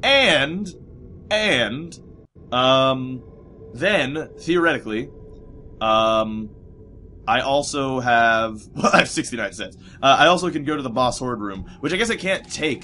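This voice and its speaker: A man with a sore, strained voice, rambling excitably through casual commentary on a game he is playing. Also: mid-range voice, moderate pace, soft background music. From United States. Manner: rambling, excitable, swears often. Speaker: gaming commentator. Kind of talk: casual let's play commentary.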